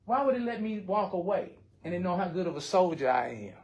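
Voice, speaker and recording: A man's voice: high-pitched, very animated, quick pace, darkish tone, lo-fi sound. An older man, speaking bluntly and with heart in a recovery support circle, often swearing. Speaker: recovery group member.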